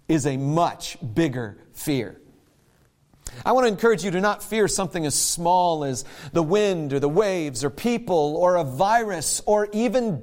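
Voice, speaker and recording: Male pastor, sermon, high-pitched, animated, dramatizes quotes with big pitch jumps. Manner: conversational and emphatic.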